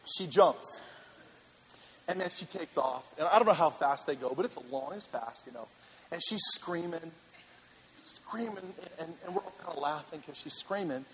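A male pastor telling a funny personal story in a sermon, animated and laughing, then turning earnest. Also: high voice, a little hiss or hum. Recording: reverberant hall with faint ambience.

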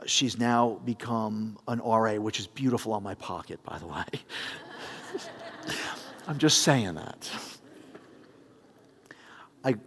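A middle-aged man preaching a sermon, telling a story with lively voice changes and building to earnest appeals. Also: medium pitch. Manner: animated, acts out phone voices, builds to appeals. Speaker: pastor. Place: church sanctuary. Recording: long reverb of a church hall.

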